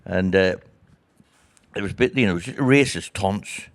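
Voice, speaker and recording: A man with a Northern Irish accent spins stories in a casual interview, his voice sitting fairly low. He acts out the people in his stories as he goes. The sound is dry and close, with no room around it. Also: normal speed, no echo. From Northern Ireland. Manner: animated storyteller who acts out other people's voices. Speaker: guest comedian.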